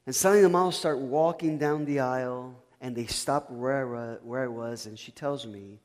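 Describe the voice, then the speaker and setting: A man's voice: mid-range voice, normal speed, hardly any pauses. Storytelling male pastor in a reverberant hall. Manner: storytelling, swings from loud to hushed. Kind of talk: sermon. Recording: long reverb of a church hall.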